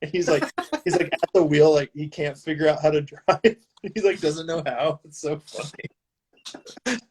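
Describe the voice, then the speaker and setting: A man's voice: on the high side, a little slow, a little mellow, slightly rough. A man guesting on a casual video-call chat, retelling funny sketches eagerly with lots of fillers. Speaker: guest musician.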